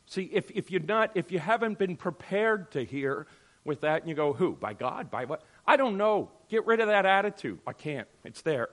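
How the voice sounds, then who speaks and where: A Bible teacher explains scripture in a lively, conversational style, acting out quick little voices for his listeners. His voice sits a bit high for a man and swings between loud bursts and sudden drops to a near-murmur.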